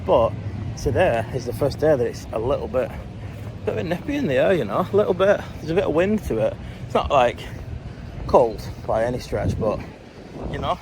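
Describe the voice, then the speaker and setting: Casual guy vlogger, sweary banter, mid-pitched voice, noisy street sound. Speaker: travel vlogger. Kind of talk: casual vlog chat. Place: city streets outdoors. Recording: noisy outdoor street audio.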